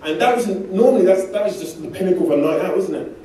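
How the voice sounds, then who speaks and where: His voice sits high and dark, with lively intonation and fast delivery. The Englishman is preaching in a church hall, telling personal stories conversationally and poking fun at himself, recorded from a distant mic amid the hall's echo and slight background noise.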